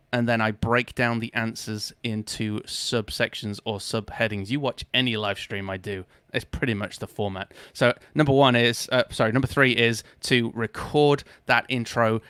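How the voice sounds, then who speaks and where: Man, live-stream host, chatty, self-correcting, smooth clear voice, dry close sound. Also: mid-range voice, a bit bright, no echo. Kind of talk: casual live-stream talk.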